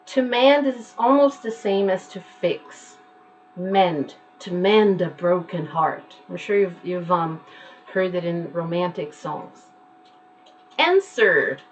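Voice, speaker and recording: Slow, patient woman teaching pronunciation. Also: lowish voice, animated, slight background noise, low-quality recording. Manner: slow, patient, repeats words to demonstrate sounds. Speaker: English teacher. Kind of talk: online pronunciation lesson. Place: at home.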